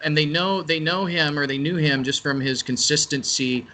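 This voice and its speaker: A man's voice: on the high side, steady tone, moderate pace, pushed and bright. A man speaking as a guest on a radio interview, talking casually and rambling, often restarting and correcting himself. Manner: rambling, self-correcting talker. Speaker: event organizer and interview guest.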